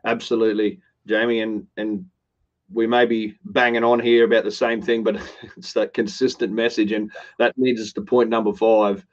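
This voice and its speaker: A man's voice: on the low side, flat delivery, moderate pace, highs cut off. A man co-hosting a business show, talking earnestly and often restarting his phrases. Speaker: co-host. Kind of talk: business podcast chat.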